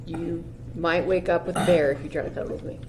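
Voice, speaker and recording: A woman's voice: fairly low pitch, fairly even intonation, fast. A woman at a tabletop game making dry, wry remarks. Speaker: player. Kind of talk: casual chat. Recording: echoey room with clear crowd noise.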